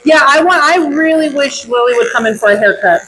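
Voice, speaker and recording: A woman dog groomer chatting casually while she works, telling stories with sudden high exclamations. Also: brisk, fairly bright tone, slight background noise, low-quality recording. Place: grooming salon.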